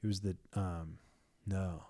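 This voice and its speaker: A man hosting a podcast, talking casually and with feeling about faith, full of fillers like "man" and "like" and sometimes dropping to hushed tones. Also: sits low, steady tone, slow pace. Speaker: podcast host.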